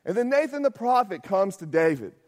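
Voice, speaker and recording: A man's voice: sits high, very animated, brisk, darkish tone. A man preaching a sermon as pastor, talking conversationally, often asking "right?" and acting out quotes.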